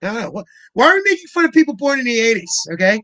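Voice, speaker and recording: A man in his thirties co-hosting a comedy chat show, rambling on in a flat, uninflected way. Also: very high-pitched, racing, no room sound, rough recording. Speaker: co-host.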